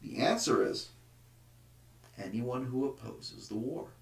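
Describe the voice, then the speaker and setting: A man's voice: mid-range voice, slow, gravelly. A man teaching a history lesson. He is emphatic and at times takes on the rousing tone of a nationalist orator. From United States. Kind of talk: classroom lecture. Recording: echoey room, mic at a distance.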